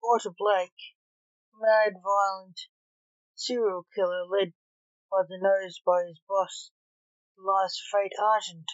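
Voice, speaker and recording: A woman reading a fan story aloud in plain, even narration, on a dull lo-fi recording. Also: medium pitch, slow, long pauses, no room sound. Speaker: story reader.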